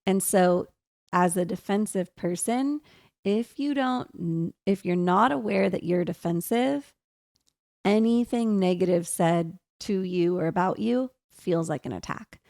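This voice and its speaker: A woman's voice: fairly low pitch, unhurried, vocal fry, a little mellow, no room sound, studio quality. A woman co-hosting a podcast, speaking candidly and reflectively about her own habits in casual chat. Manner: candid, self-reflective, quotes herself. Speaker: podcast co-host.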